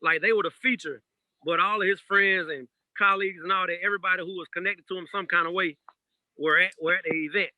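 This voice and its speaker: A man, a DJ and a father, telling personal stories in a casual podcast chat, animated and laughing as he goes. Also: sits high, fast, no room sound, poor audio. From Georgia, USA. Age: adult parent. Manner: animated storyteller, laughs through anecdotes. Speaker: guest DJ.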